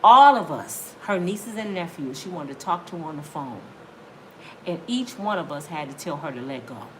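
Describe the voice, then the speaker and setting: Animated woman dishing celebrity gossip. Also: low-pitched, normal speed, slight background noise. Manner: chatty, talks straight to viewers. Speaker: gossip channel host.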